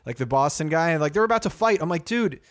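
A young man with a slightly higher-pitched voice, talking bluntly and swearing freely in casual chat. He tells stories in a loose, conversational way. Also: animated, racing. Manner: blunt and profane, acts out other people's voices in anecdotes.

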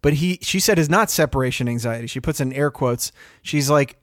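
A man's voice: medium pitch, brisk, few pauses, dry recording, studio quality. A man in casual podcast chat, telling rambling stories full of swearing. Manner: rambling, profane, animated storytelling.

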